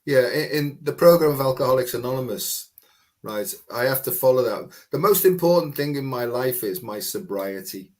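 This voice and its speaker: A man's voice: mid-range voice, lively intonation, normal speed. A man speaking as a guest, talking frankly and at length in a rambling, conversational way, full of "you know". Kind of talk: candid conversational testimony.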